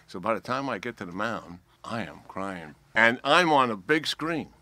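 A man's voice: lowish voice, moderate pace, hardly any pauses. A man in his seventies with a New York accent, a guest telling a long anecdote and acting out the dialogue. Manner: animated storyteller acting out dialogue. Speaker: retired general, guest.

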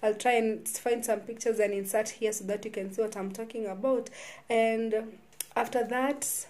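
Woman telling her story, warm. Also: a little high, fairly even intonation. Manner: halting, with frequent restarts and repeated words. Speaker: vlogger. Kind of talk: personal storytelling vlog.

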